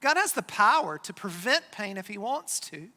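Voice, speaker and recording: A pastor preaching a sermon, retelling a scripture story with dramatic pauses and dropping low for emphasis. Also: big pitch swings, pushed and bright. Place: church sanctuary. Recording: long church hall reverb.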